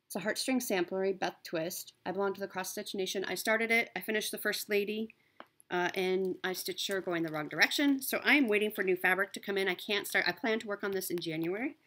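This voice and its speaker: Woman vlogging about her stitching projects, chatty and upbeat, lots of ums, mid-pitched voice. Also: a little fast, a bit bright. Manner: chatty, upbeat, with frequent ums and self-corrections. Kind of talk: casual show-and-tell chat.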